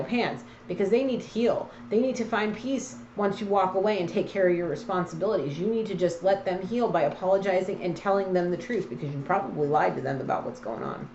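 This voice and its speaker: A woman's voice: medium pitch, darkish tone, slight background noise. A woman in an echoey room gives a casual card reading, talking straight at the listener. She is blunt and preachy with a teasing streak. The sound is slightly dull and a little muffled. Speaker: tarot card reader.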